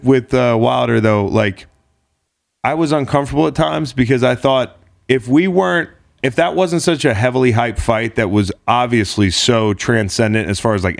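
Sex: man. Role: sports talk host. Style: casual chat. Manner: rambling, animated, peppered with "like" and swearing. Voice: lowish pitch. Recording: dry, close sound. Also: gravelly, dry recording. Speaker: podcast host.

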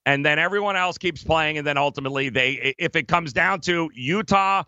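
Bright-voiced emphatic male sports host. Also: on the high side, a little fast, dry recording, dull audio. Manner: emphatic, argumentative, many fillers. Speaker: sports talk show host. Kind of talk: casual sports betting debate.

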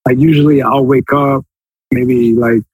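A man with a husky, slightly rough voice, co-hosting a sports podcast. He rambles, circles back over his own phrases and lets sentences trail off. The recording is dry and close. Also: medium pitch, steady tone, unhurried, darkish tone, no room sound, poor audio. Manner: rambling, repeats himself, trails off mid-thought. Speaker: podcast co-host. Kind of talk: casual sports podcast chat.

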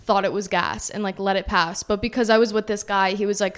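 A woman's voice: medium pitch, fairly even intonation, a little fast. A young woman in her twenties, a podcast host telling a personal story in a chatty, casual way and saying "like" a lot. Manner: chatty, heavy use of "like".

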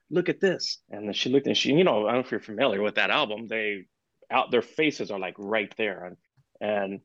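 A man's voice: mid-range voice, no room sound. A man tells stories as a podcast guest, bringing them to life by acting out each conversation. His voice sits in a middle register, and the recording is dry and slightly muffled. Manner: animated anecdote-telling, acts out quoted dialogue. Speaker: guest percussionist. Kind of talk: storytelling in a podcast interview.

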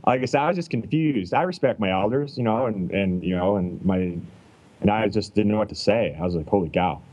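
A man's voice: lowish voice, moderate pace, dull audio. A middle-aged man from Canada, a chiropractor guest chatting casually and acting out quoted lines as he tells stories. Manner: animated storyteller who acts out quoted lines. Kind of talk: casual podcast chat.

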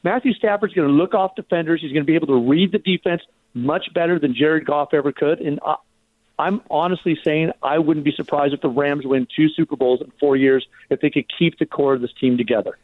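A man's voice: on the high side, steady tone, fairly quick, dry recording. A male caller on a sports radio show, an eager fan who rambles and uses lots of fillers. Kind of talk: call-in radio talk. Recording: tinny phone line.

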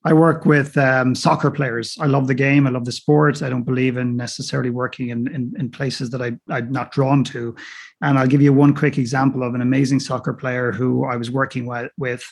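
Gravelly, husky man telling stories. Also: medium pitch, fairly quick. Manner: animated, acts out dialogue in stories. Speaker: guest coach. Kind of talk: conversational storytelling.

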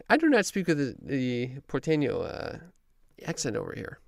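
A man's voice: mid-range voice, wildly swooping pitch, normal speed, gravelly, dry recording. Blunt, foul-mouthed man, dry close sound. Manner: blunt, swears freely, defensive. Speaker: podcast host. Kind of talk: casual chat. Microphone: podcast studio mic.

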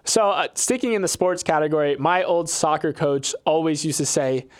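Playful man with a higher voice. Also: normal speed, clean tone. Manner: playful, joking questions. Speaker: podcast co-host. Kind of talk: podcast interview.

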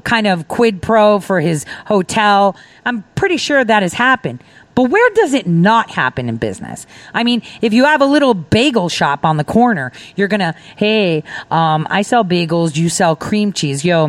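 A defense contractor appears as a guest on a political talk radio show, speaking emphatically and rambling while acting out quoted exchanges. Her voice sits at a medium pitch, with no room sound in the recording.

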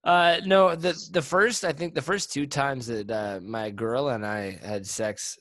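A man's voice: medium pitch, fairly even intonation, a little slow, a bit bright, dry recording. A young man, a little drunk, rambling through a story in casual chat, with lots of restarts. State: tipsy from drinking. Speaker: guest storyteller.

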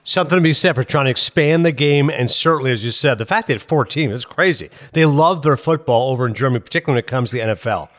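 A man co-hosting a sports podcast, reading listener mail and telling stories in an animated, emphatic way. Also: mid-range voice, fast, hardly any pauses. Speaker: podcast co-host. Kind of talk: casual sports talk.

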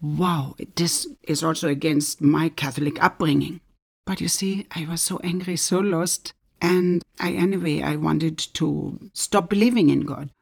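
A middle-aged woman speaks in a deep, gravelly voice with a breathy, husky edge. She tells her story earnestly and often sinks to a soft near-whisper. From Germany. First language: German. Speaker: author. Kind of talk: personal book introduction talk.

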